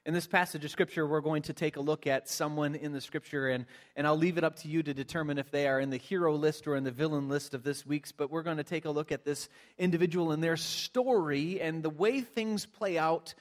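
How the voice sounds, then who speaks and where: A pastor delivers his sermon in a relaxed, storytelling manner, often restarting his phrases. His voice sits somewhat high for a man. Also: fairly quick. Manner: storytelling, conversational with frequent restarts. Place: church sanctuary.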